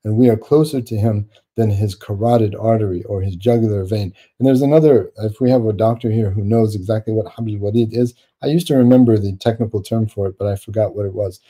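A man's voice: lowish voice, fairly even intonation, fast talker, few pauses, warm tone. A man giving a reflective religious lesson. He talks earnestly, repeats himself, keeps asking "right?", and weaves Arabic phrases into his English. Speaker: religious teacher.

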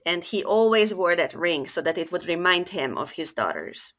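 A woman narrating a fairytale for a podcast in an expressive, conversational way. Her pitch moves a lot, and her voice is bright and clear. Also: moderate pace. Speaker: storyteller.

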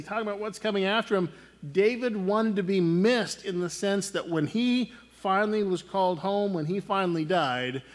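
A man preaches a church sermon, talking earnestly and conversationally. His voice sits a little higher than most men's, and he often restarts a phrase or tosses in a quick "right?" to the congregation. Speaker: pastor.

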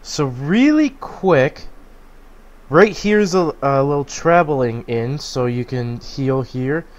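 A man giving relaxed let's play commentary on a game, talking slowly with filler pauses. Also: mid-range voice, lo-fi sound. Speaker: gameplay commentator.

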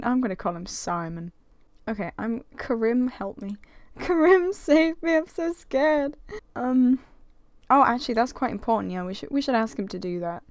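A young woman with a fairly high voice, recorded dry, gives giggly, casual let's-play commentary over a life-simulation game. She's a gaming video creator who gasps and exclaims a lot as she plays.

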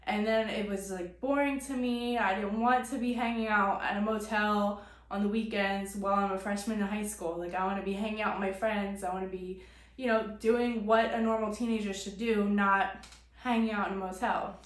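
A woman's voice: medium pitch, steady tone, normal speed. A young adult woman telling a personal story to her vlog audience in a casual, chatty way, full of "like" fillers. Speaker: vlogger. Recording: echoey room.

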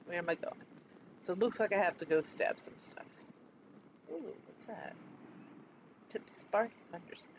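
High-voiced man streaming a game. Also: a little fast, noisy background. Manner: chatty, self-mocking asides. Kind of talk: casual gameplay commentary.

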